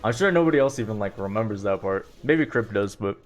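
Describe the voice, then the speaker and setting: A man's voice: fairly low pitch, lively intonation, fast. Young man, streamer, casual storytelling, rambling, lots of fillers, faint background music. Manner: rambling, filler-heavy, self-deprecating.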